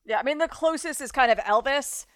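A woman from South Florida co-hosting a podcast in casual chat, rambling and chatty with lots of fillers and quick laughs. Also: sits high, no echo. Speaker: podcast co-host.

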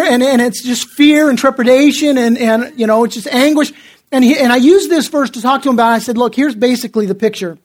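High-voiced man preaching a casual sermon. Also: quick pace. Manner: conversational, self-deprecating storytelling with frequent restarts. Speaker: pastor.

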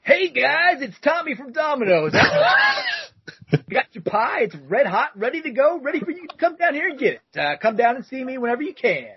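A man imitating a pleading pizza delivery guy leaving voicemails in a high voice. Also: wildly swooping pitch, normal speed, no echo, highs cut off, full character voice.

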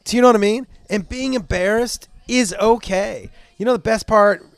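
A middle-aged male comedian with a fairly high voice rants loosely and swears freely. His voice is close and dry, with no room sound. He jumps from chatty storytelling to sudden loud outbursts. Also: normal speed, creaky, clear, resonant tone, no echo. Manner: profane, animated ranting with loud outbursts. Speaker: stand-up comedian. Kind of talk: casual monologue.

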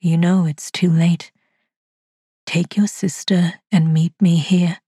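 A ghostly dead man speaks slowly and low through a bad phone line, quietly menacing, as a woman narrator puts him on. His voice is husky and close, with no room around it. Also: steady tone, no room sound.

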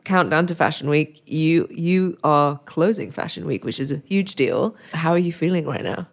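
A woman's voice: low voice, moderate pace. A woman hosting a fashion podcast, asking questions and closing the show in an encouraging, friendly way. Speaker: podcast host. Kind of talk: interview hosting and show outro. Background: music.

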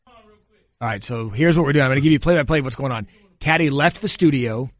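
A woman's voice: rumbling low, fast talker, no echo. Woman podcast co-host, loose and chatty, laughs a lot, close studio mic with a dry sound. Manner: chatty, laughs often, storytelling. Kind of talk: casual podcast chat.

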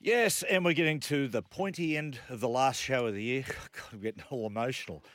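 A man's voice: mid-range voice, brisk, fairly bright tone. A man with an Australian accent hosting a radio show, joking and chatting casually with his co-hosts. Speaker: radio host.

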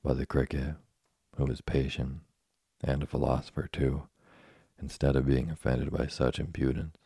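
A man narrating a classic tale as a sleep story reading, with a slow, soothing, even delivery. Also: a bass voice, creaky, breathy edge, dry recording, clean studio sound.

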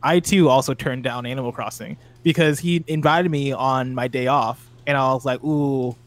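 A man's voice: medium pitch, fairly even intonation, moderate pace, dry recording. A man co-hosting a gaming podcast, chatting casually and telling a story with many fillers. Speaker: podcast co-host. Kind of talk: casual chat.

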